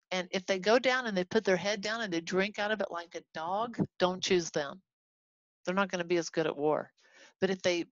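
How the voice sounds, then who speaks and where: Animated woman teaching a Bible class. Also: on the low side, no room sound. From Texas. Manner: animated, acts out quoted voices, chatty asides. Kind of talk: casual Bible lesson to a class. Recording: dull lo-fi recording.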